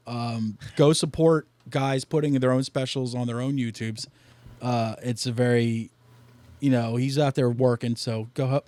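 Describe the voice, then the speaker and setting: A man hosts a casual podcast chat, swearing freely and padding his talk with fillers. His voice sits at a middling pitch. The sound is dry and close. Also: darkish tone, no room sound. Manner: loose and profane, many fillers. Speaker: podcast host.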